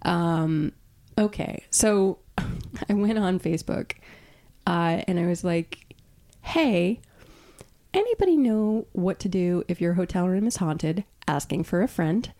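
A woman with a lower-pitched voice tells a story as a podcast guest. She is from Brooklyn and talks in a loose, animated way. She laughs often and swears freely. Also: slow. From Brooklyn, New York. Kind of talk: casual storytelling conversation.

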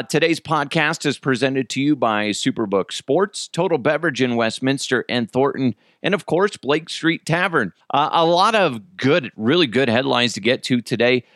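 A man's voice: medium pitch, dry recording, studio quality. A man in his thirties hosting his own podcast in a casual, joking way, swearing freely as he tells stories. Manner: animated, joking storyteller who swears freely. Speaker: podcast host. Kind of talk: casual solo podcast chat.

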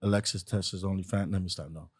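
A man's voice: low-pitched, fairly even intonation, quick pace, a little mellow, slightly rough. A man appearing as a comedian guest on a casual podcast, talking in a laid-back, slangy way and deflecting questions with laughs. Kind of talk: casual interview chat. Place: indoor studio couch.

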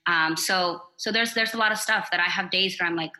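A woman's voice: on the low side, fairly quick, bright, forceful tone, poor audio. A young woman as a podcast guest, speaking candidly and from the heart, with many fillers. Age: young adult. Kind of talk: casual podcast chat.

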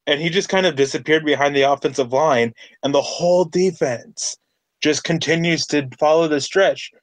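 Excited man hosting a sports podcast. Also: mid-range voice, dry recording. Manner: enthusiastic, builds up with repeated phrases. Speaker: podcast host. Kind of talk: casual sports podcast chat.

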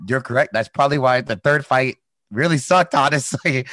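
A man's voice: medium pitch, moderate pace, a bit bright, no echo. A young man from the Midwest, a former fighter hosting a casual chat, rambling through stories with swearing and laughter. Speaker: podcast host, former fighter.

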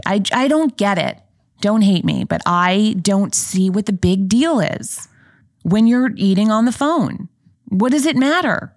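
A woman's voice: mid-range voice, expressive, moderate pace, dry recording, clean studio sound. A woman hosting a podcast, telling stories in a candid, chatty way with playful asides. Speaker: podcast host. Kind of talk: casual solo podcast chat.

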